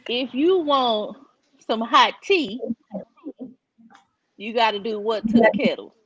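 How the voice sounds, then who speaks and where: A woman's voice: on the high side, slow, breathy edge, muffled recording. A woman in casual talk show chat, explaining her point through an everyday analogy.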